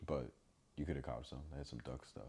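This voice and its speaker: A man co-hosting a podcast in casual chat, rambling with many fillers and often trailing off quietly. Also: a bass voice, fairly even intonation, fast talker, a crowd in the background. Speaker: podcast co-host.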